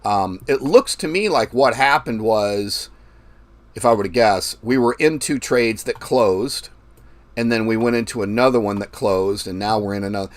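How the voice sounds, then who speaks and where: A man's voice: lowish voice, moderate pace, no echo. Casual man projecting into a close mic. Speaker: forex trading livestream host. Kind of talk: casual live-stream talk. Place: traveling, recording himself. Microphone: mic held very close to mouth.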